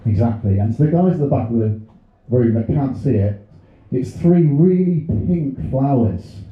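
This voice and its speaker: A man in his thirties performs a self-deprecating stand-up set, acting out little quotes as he tells his stories. His voice sits at a middle pitch. The sound is thin and phone-like, and it rings with heavy echo from the club. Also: lively intonation, normal speed. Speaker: stand-up comedian. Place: comedy club stage. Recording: very echoey, phone-like audio.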